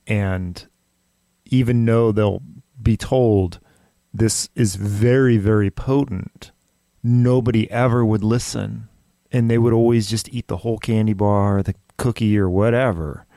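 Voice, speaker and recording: A man's voice: on the low side, fairly even intonation, measured pace, mellow, no room sound, studio quality. A man hosting a podcast interview, reflecting on and summing up his guest's story. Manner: reflective, sums up the guest's points. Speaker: podcast host. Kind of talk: interview conversation.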